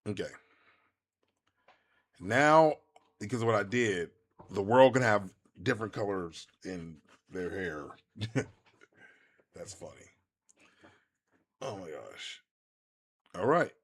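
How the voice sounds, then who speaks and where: A man, chatting casually to viewers while streaming a game, rambling and animated with many restarts. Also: on the low side, slow, pauses often, a little hiss or hum. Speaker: gaming streamer. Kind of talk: casual live-stream chat while playing.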